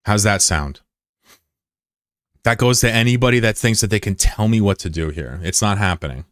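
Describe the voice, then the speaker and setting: A man's voice: lowish voice, moderate pace, fairly bright tone, dry recording, clean studio sound. A man livestreaming, talking casually to his chat and bluntly, heatedly scolding a viewer. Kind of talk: casual live-stream talk to chat.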